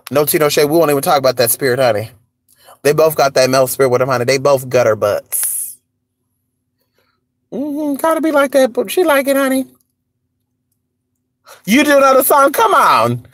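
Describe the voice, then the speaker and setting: A vlogger in a casual gossip chat outdoors in the cold, sassy and animated, calling listeners honey and girl. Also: mid-range voice.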